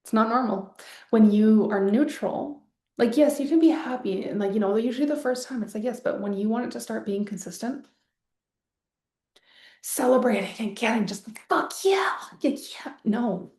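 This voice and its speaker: A woman's voice: fairly high pitch, normal speed, darkish tone, echoey room. A woman coaching a group through a live wealth masterclass, talking casually and rambling, with sighs and the odd swear word. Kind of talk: live online coaching session.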